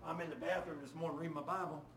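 An older man preaching an informal sermon, full of folksy stories and swinging between loud and hushed. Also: on the high side, fairly even intonation, racing, background noise.

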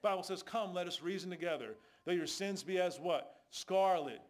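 A man preaching a sermon in a voice pitched somewhat high. He tells stories from his street ministry and drives each point home with rhetorical questions. His delivery is emphatic and conversational. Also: moderate pace.

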